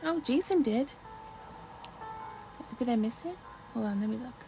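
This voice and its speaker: This is a roughly recorded clip with music behind it, featuring a woman whose voice is a little high and animated, her pace a touch slow. She's running a casual crafting livestream, talking to viewers, reading trivia questions and frequently apologizing, occasionally while chewing chocolate.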